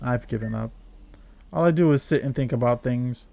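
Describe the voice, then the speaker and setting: A man reading game dialogue aloud as a despairing young woman trapped in an endless world, in a flat, quiet, brooding way. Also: medium pitch, moderate pace, gravelly, no room sound, natural voice.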